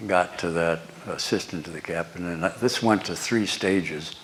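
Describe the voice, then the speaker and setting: An older guest lecturer tells wry anecdotes to an audience in a lecture hall, chuckling as he goes in this storytelling lecture. His voice is low-pitched at a normal speed, with slight background noise.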